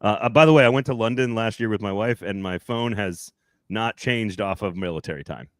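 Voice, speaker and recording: A man's voice: lowish voice, fairly quick, no room sound. A man hosting a sports podcast, casual and rambling, often correcting himself mid-sentence. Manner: chatty, rambling, self-correcting. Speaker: podcast host.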